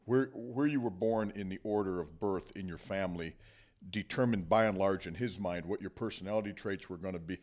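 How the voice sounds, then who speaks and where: Low-voiced man hosting a podcast. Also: darkish tone. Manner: measured, explanatory, gives short listening murmurs. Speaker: podcast host, psychologist. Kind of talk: conversational interview.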